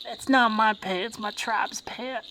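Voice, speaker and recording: A woman's voice: a little high, measured pace, bright, forceful tone, slight background noise, voice pushed up. A woman voicing a timid, lonely male goblin who talks in broken grammar. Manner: ungrammatical, groveling.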